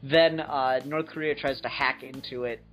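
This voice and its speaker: A man co-hosting a casual film chat, rambling through his ideas with frequent fillers and easy laughter. His voice sits at an ordinary middle pitch and he talks at an unhurried pace. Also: fairly even intonation, a bit bright, soft background music. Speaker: podcast co-host.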